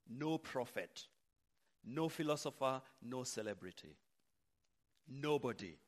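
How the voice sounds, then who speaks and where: Slow, emphatic male preacher. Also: medium pitch. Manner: slow, emphatic, swings from hushed to loud. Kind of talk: sermon.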